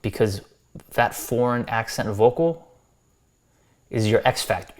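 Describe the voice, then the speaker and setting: A man's voice: mid-range voice, expressive, measured pace. An American man reviewing subscribers' music, talking loosely with restarts and friendly advice. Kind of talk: casual spoken critique.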